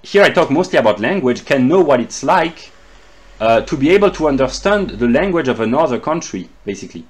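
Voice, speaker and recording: A Frenchman speaking English as a second language, with a French accent, gives an unscripted philosophy lecture. His medium-pitched delivery is very animated but often halting, with repeated words.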